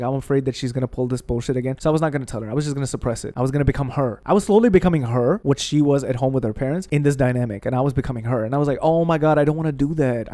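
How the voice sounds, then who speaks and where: Fast-talking man with a low-key dark tone. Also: no room sound. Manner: heated, profane, animated retelling of arguments. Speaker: gaming channel host. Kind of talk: candid storytelling rant.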